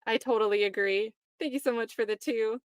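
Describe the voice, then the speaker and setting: A woman's voice: a little high, fairly even intonation, a little fast, smooth, dry recording. Chatty woman streamer, dry close sound. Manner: chatty, laughs often, mocks quoted voices. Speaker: livestream host commenting on a trial. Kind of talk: casual livestream commentary reading chat.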